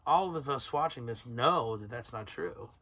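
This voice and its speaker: A man's voice: medium pitch, lively intonation, normal speed, bright, forceful tone. A man hosting a solo podcast, rambling through tangents, swearing freely and laughing at himself. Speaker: podcast host.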